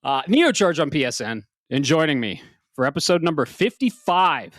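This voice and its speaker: A man co-hosting a casual gaming podcast, slightly out of breath, swearing freely and swinging from loud bursts to low mutters. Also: sing-song, moderate pace, no room sound, studio quality. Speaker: podcast co-host.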